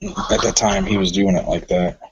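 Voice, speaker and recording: A man's voice: low-pitched, moderate pace, creaky, slightly rough, no room sound, lo-fi sound. A man talking as a podcast guest about his wrestling career, telling stories in a loose, profane way. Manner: profane, animated storyteller. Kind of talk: casual chat.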